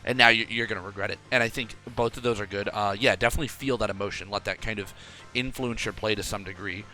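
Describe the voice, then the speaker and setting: A young man coaching a player over a call in a casual, animated way, often acting out his own thoughts aloud. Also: lowish voice, fast, soft background music.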